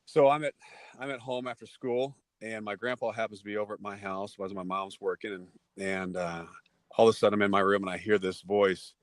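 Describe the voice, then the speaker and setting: Deep-voiced man telling a story. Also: brisk, no room sound. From Texas. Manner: lively anecdotes, acts out voices. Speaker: podcast guest, former ballplayer. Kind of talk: casual storytelling.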